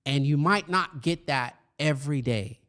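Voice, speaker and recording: High-voiced man giving an animated motivational talk. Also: measured pace. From grew up in foster care. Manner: conversational, animated, many fillers and asides. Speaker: podcast host and speaker for educators.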